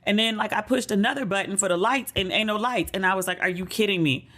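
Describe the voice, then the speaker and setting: A fast-talking middle-aged American podcast host chats casually in a mid-range, slightly bright voice. Her storytelling includes acting out the people she quotes, with her voice raised.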